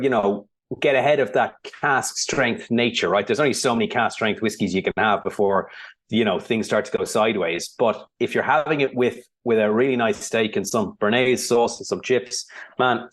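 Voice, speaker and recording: A man, a founder who is a guest on a podcast, telling stories in a relaxed way and often restarting his sentences. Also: on the low side, normal speed. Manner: relaxed storytelling, many restarts. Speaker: whiskey brand founder, guest. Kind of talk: casual interview chat.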